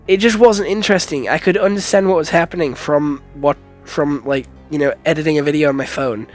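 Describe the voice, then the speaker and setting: A man talks through a casual review in a blunt, unfiltered way, swearing freely and tripping over his own restarts. His voice sits a bit on the high side. Faint music plays behind him. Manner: blunt, swearing, calls people "dog", frequent restarts. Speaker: film reviewer. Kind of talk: casual spoken film review.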